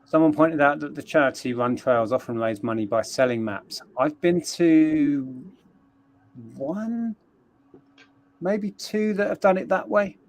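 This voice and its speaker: A man's voice: fairly high pitch, a little slow. A man co-hosting a livestream, explaining ideas in a thoughtful way with fillers. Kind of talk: casual explanatory chat.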